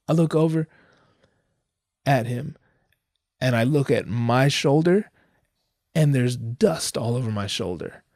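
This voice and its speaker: A man hosts a podcast and tells a comic story, full of swearing and street slang. His voice sits at an ordinary middle pitch. It shoots up in loud bursts, then drops into low, quiet asides. The sound is close and dry, with no room echo. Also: takes it slowly, pauses often. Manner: profane, slangy and animated, swinging between loud outbursts and low asides. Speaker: podcast host.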